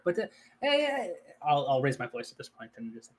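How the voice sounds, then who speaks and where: A man's voice: on the high side, wildly swooping pitch, brisk. A man playing a character in a tabletop game, joking and sometimes dropping into whispered asides. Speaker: player. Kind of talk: in-character tabletop role-play.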